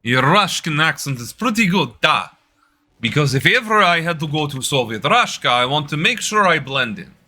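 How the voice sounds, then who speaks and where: A man's voice: on the high side, sing-song, moderate pace, bright, forceful tone. A young man chatting casually with his live-stream audience while playing a game, loose and joking. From United States. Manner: loose, joking, talking to chat. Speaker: political streamer.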